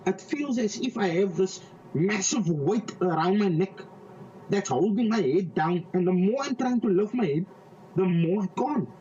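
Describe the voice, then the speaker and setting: A man with a high yet mellow voice tells a personal testimony of faith, slowing down for the vivid details and stumbling over repeated words as he goes. He sounds a little distant from the mic, and the audio is dull and lo-fi. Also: lively intonation. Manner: halting, with frequent repeated words and restarts; slow and vivid when describing a dream. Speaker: interviewee giving a faith testimony.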